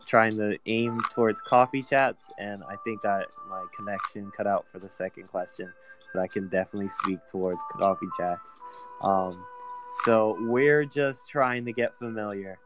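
Tired low-voiced male host over music. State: tired from lack of sleep. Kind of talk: hosting a live audio chat. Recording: music playing behind.

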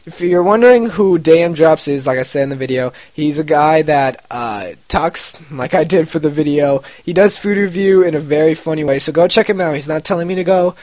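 A young man talks casually to his viewers at the end of a gaming video. His voice sits a bit high for a man, and the sound is close and dry, with no room around it. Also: brisk, few pauses, no echo. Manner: relaxed and chatty, with fillers. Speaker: gaming channel host. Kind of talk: casual video outro commentary.

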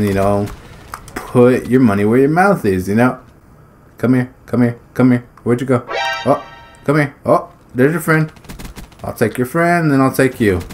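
A man giving loose, casual commentary while he plays a shooter, his voice at an ordinary middle pitch. He rambles from thought to thought, swears without a second thought and breaks into short laughs between phrases, throwing in sudden exclamations as the action picks up. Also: a little hiss or hum. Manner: blurts exclamations during play. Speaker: gaming YouTuber. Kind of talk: casual commentary over gameplay.

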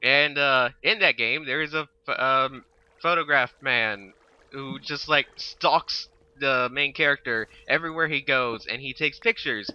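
A young man hosting a casual Let's Play, excitable and quick to yelp and laugh during gameplay. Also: mid-range voice, smooth, muffled recording. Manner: excitable, yelps and laughs during game action.

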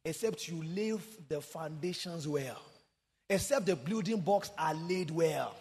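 High-voiced preacher in a hall. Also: male voice, lively intonation, unhurried, darkish tone, faint music behind. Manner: impassioned preaching, rising to sung emphasis and dropping to low asides. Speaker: pastor. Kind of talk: sermon. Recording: long hall reverb.

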